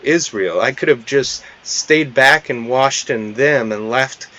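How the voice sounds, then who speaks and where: Guy doing a fed-up proud army commander in a bible story, heated questions, slow and deliberate, dull lo-fi sound. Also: mid-range voice, pushed and bright. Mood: indignant. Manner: exasperated, heated rhetorical questions.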